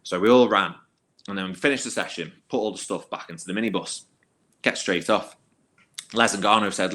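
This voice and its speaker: A man with a very low voice and a bright, forceful edge tells stories from his playing days as a podcast guest. He talks casually and with energy, full of "um" and "like", and slips into other people's voices as he goes. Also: a little fast. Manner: animated, acts out quoted voices, filler-heavy. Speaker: podcast guest, former youth footballer. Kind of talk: casual anecdotal storytelling.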